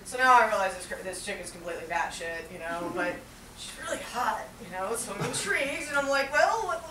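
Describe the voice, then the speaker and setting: A woman's voice: mid-range voice, animated, a little fast, crowd noise, natural voice. A woman performing a brash, crude young man who rambles with constant fillers and swearing, in a live stage monologue. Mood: flustered. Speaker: solo performer. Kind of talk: stand-up character monologue. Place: small theater with live audience. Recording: echoey room, mic far off, loud noise.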